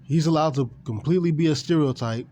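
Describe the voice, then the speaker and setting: A man's voice: on the high side, fast talker, dark tone, slight background noise. A man ranting casually and with animation about wrestling, swearing and repeating himself. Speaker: gaming and wrestling commentator. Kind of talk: casual opinion rant.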